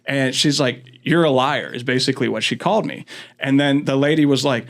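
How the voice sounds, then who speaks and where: A man's voice: mid-range voice, steady tone, a little fast. A man from Florida, a father, casually telling rambling stories as a podcast guest, laughing often and acting out what others said. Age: adult, father of school-age daughters. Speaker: guest, county commission candidate. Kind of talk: casual storytelling chat.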